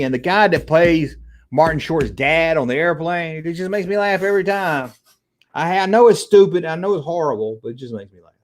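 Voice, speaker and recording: A middle-aged man hosting a casual livestream, chatting with viewers in a rambling, profane way. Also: fairly high pitch. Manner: animated and profane, rambling between tangents. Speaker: livestream host.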